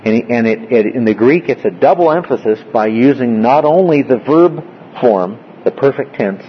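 A man's voice: mid-range voice, animated, moderate pace, lo-fi sound, a little hiss or hum. A man leading a classroom Bible study, explaining word by word and often checking in with his class. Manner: explanatory, asks frequent check-in questions.

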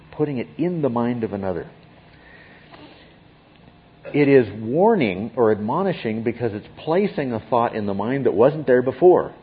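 Male Bible teacher, husky voice, emphatic teaching delivery, muffled lo-fi recording. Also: medium pitch. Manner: emphatic, often checks in with "okay?".

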